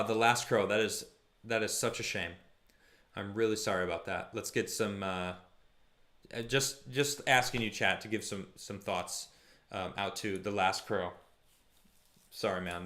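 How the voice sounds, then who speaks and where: A young man hosting a live stream, reading chat messages aloud and chatting casually, shifting between jokey and somber. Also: fairly low pitch. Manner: chatty, animated, quick mood swings from jokey to somber.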